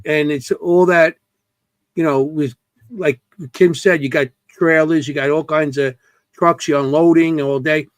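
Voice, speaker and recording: A man chats about his work on film sets, stopping and restarting often and filling gaps with ums. His voice sits a little high for a man, and the recording is dry and close. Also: steady tone, no room sound. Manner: halting, lots of ums and restarts. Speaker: co-host. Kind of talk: casual conversation.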